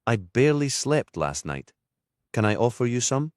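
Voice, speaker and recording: A man's voice: medium pitch, very animated, moderate pace, a little mellow, no room sound, studio quality, voice pushed up, natural voice. A man voicing a talkative, friendly middle-aged woman vicar in an audiobook. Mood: chatty.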